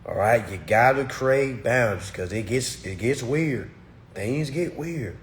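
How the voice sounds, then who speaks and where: A man, giving a blunt, preachy talk to his course students that swings between loud and muttered. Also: mid-range voice, lively intonation, unhurried, slight background noise. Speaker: course teacher. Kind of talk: blunt motivational rant.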